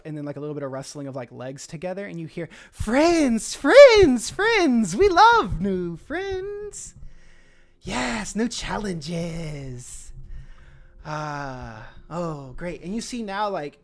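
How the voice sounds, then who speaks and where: A man's voice: a little high, gravelly, darkish tone. A man narrating as game master of a tabletop game, rambling and descriptive with many fillers. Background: faint music.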